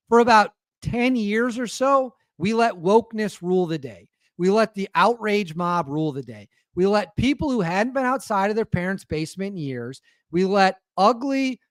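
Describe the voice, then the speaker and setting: A man's voice: high voice, dry recording, clean studio sound. A man hosting his own show, giving rambling, sarcastic casual commentary and often stopping himself mid-sentence. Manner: rambling, self-interrupting, sarcastic. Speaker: podcast host.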